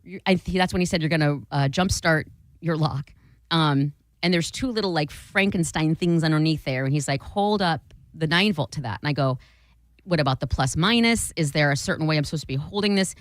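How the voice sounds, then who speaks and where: A young woman tells a long story in casual chat on a studio mic, low-voiced and lively, swearing freely and acting out every line people said. The sound is dry and close, with no room around her. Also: fairly quick, no echo. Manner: animated, swearing, acts out quotes.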